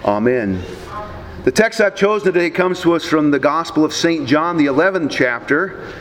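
A male pastor giving a funeral sermon, dramatic, swinging between loud emphatic highs and low quiet drops, firing rhetorical questions at the mourners. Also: animated, normal speed. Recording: long hall reverb, faint background noise.

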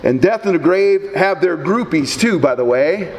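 Very high-voiced pastor preaching in a hall. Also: male voice, expressive, moderate pace, dull audio. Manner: dramatic, swings between loud emphatic highs and low drops; rhetorical questions to the mourners. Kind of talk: funeral sermon. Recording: long hall reverb, faint background noise.

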